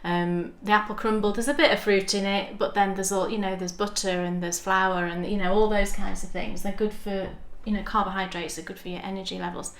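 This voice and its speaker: A woman's voice: medium pitch, steady tone, fairly quick, hardly any pauses. Chatty Yorkshire woman in a roomy room. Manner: chatty, laughs often, explains at length. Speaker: podcast co-host. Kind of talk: casual chat. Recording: roomy echo.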